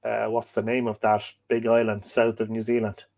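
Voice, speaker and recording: A man's voice: lowish voice, monotone, normal speed, gravelly, darkish tone. A man hosting a live stream, reading a history book aloud and chatting with viewers' comments in a rambling, chatty way. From Ireland. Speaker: livestream host.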